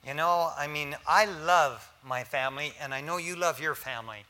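An older man, a pastor, preaching a sermon in a lively, joking way to his congregation. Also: fairly high pitch, normal speed.

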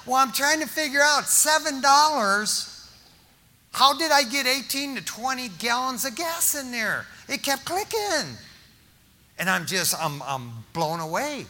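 Bright-voiced older preacher in a reverberant hall. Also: male voice, extremely high pitch, measured pace. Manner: animated, joking, with restarts and acted-out dialogue. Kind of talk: storytelling sermon testimony. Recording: long reverb of a large hall.

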